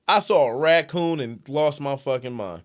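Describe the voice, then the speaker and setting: A young New York City man with a somewhat high voice co-hosts a comedy podcast, speaking at normal speed. In casual chat, he tells profane stories animatedly and laughs a lot.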